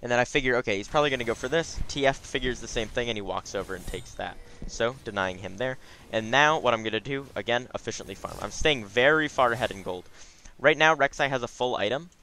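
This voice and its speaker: Bright-voiced young man commenting gameplay. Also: mid-range voice, a little fast, slight background noise. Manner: relaxed, chatty, frequent ums and asides.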